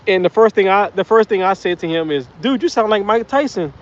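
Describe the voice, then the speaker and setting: A man's voice: sits high, animated, a little fast, lo-fi sound. A man live-streaming from a small fishing boat, chatting casually and rambling through stories, often correcting himself. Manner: rambling, self-correcting storyteller.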